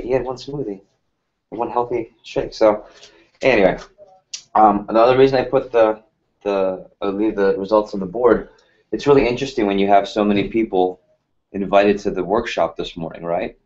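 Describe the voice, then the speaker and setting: A lowish, steady, slightly mellow voice at a moderate pace belongs to a thirty-something man running a sales team workshop. The motivational talk is casual and energetic, full of rhetorical questions, and the lo-fi sound is a bit muffled.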